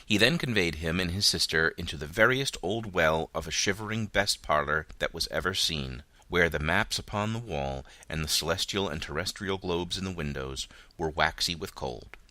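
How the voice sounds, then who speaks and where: A man narrating a classic novel as an audiobook, with an expressive, dramatic reading. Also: low voice, moderate pace, hardly any pauses, dry recording.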